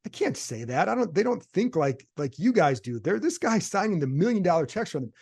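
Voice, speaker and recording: This man's voice is high and sing-song, fairly quick, with a creaky, husky, slightly mellow quality. He's a sports reporter and podcast host doing casual solo commentary, thinking aloud and answering his own rhetorical questions in a conversational way.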